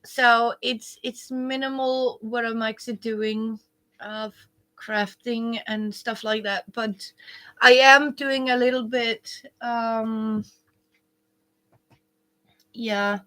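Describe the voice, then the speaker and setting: Woman host, casual craft livestream from home, high and bright voice, unhurried rambling chat. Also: steady tone. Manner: chatty, rambling, with many restarts and soft whispered asides. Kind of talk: casual live chat with viewers. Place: indoors at home, living room.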